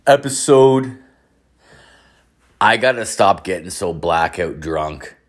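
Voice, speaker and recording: A man's voice: on the low side, lively intonation, normal speed. A man in his thirties hosting a podcast, rambling in a casual, heavily profane, self-mocking monologue. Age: 30s. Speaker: podcast host.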